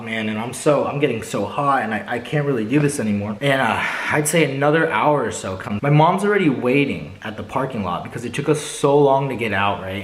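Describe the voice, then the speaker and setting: A young man vlogging a casual storytime, animated and slangy, addressing viewers directly. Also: mid-range voice, reverberant, rough recording. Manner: animated, slangy, keeps saying bro and right.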